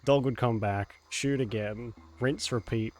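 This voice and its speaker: While live-streaming a game, a man chats casually in a medium-pitched, darkish voice at a measured pace. He laughs often and keeps saying "meow."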